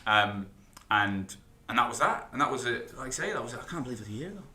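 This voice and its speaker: A man's voice: mid-range voice, big pitch swings, quick pace, crowd noise. A man hosting a podcast, chatting in a friendly, enthusiastic way with his guest. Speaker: podcast host. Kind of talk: casual interview chat.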